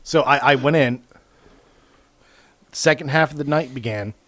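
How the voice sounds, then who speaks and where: Speaking at a measured pace with no room sound, this medium-pitched male podcast host tells animated, profane stories in casual conversation. He voices other people's lines himself, using a studio microphone.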